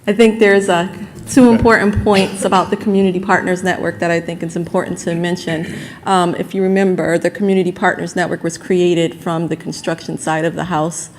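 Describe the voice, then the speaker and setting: Low, flat-voiced woman presenter. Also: brisk, slight background noise. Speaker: presenter for a company's community outreach. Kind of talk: formal presentation at a public meeting. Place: public meeting room. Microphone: handheld microphone.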